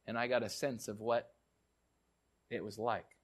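A man's voice: on the low side, level tone, a little slow. Man preaching a storytelling sermon. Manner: storytelling, repeats words, drops to quiet tones. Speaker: pastor.

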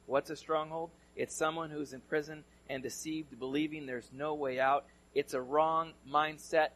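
Bright-voiced storytelling male pastor. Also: fairly high pitch, fairly even intonation, moderate pace. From California. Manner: conversational storyteller, swinging from loud to hushed. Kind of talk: sermon with personal story.

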